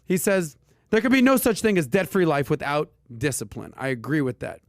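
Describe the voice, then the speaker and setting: A man hosting a casual personal finance podcast, talking with punchy emphasis and lively asides. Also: on the high side, a little fast, no room sound, studio quality. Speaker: podcast host.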